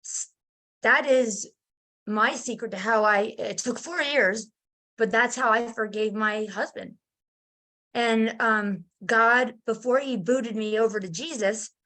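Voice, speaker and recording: A middle-aged woman telling her near-death experience in a casual, animated way, full of fillers and restarts, acting out her own quoted words. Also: on the high side. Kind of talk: casual spiritual storytelling.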